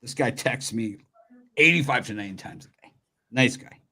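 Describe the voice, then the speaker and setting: A man of middling pitch hosting a live betting show. He runs through the matchups playfully, repeating names for laughs and rattling off numbers. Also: animated, moderate pace, pushed and bright. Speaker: host of live sports picks show. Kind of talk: live sports picks show chat.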